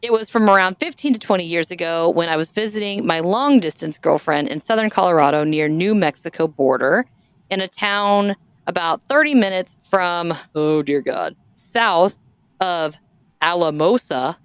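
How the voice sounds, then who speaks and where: A woman's voice: lowish voice, expressive, normal speed, clear, resonant tone, no echo. A woman hosting a podcast in casual chat, reading listener stories aloud, jokey and self-deprecating, often trailing off and restarting. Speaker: podcast host.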